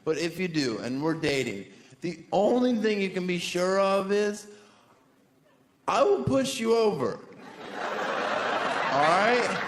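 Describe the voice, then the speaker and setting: A male comedian works the stage with a punchy, sarcastic, playful delivery. His voice sits a little high and swings widely in pitch. The room is echoey, and a loud audience fills the background. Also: very animated, slow pace, pauses often, a crowd in the background. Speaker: stand-up comedian. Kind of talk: live stand-up comedy. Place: live comedy venue on stage.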